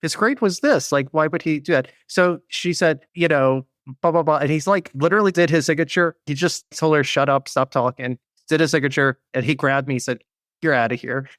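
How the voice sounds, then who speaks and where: A man's voice: fairly high pitch, a little fast, a bit bright, dry recording, clean studio sound. A man telling a story in casual podcast chat, rambling and laughing between phrases. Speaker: podcast guest.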